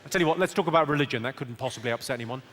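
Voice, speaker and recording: A male stand-up comedian, delivering deadpan one-liners with quick asides to a live audience. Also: mid-range voice, long reverb tail, heavy background noise. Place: large theatre stage with audience. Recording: live theatre recording, loud audience. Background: loud audience laughter.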